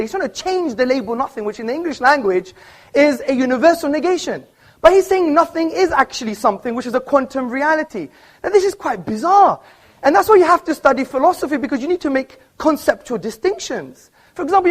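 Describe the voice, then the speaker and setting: A man's voice: extremely high pitch, animated, fast, a faint crowd. A man giving an argumentative, emphatic public debate speech to a live audience in an auditorium, citing books as he goes.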